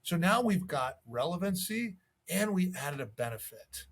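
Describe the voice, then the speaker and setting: A man's voice: high voice, very animated, unhurried, a bit bright, breathy edge. A man coaching real estate agents in a casual, conversational way, acting out sample voicemails. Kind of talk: casual video tips to camera.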